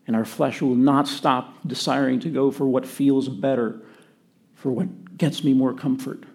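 A male pastor delivers an earnest sermon and sinks into quiet tones to stress a point. His voice is warm and dark, with a gravelly edge. The pitch sits in a middle range for a man. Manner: earnest preaching, drops to quiet emphasis.

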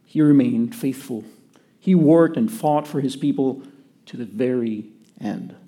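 A man preaching a sermon to his church in an earnest way, often dropping to a quiet voice for emphasis. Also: medium pitch, unhurried. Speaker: pastor.

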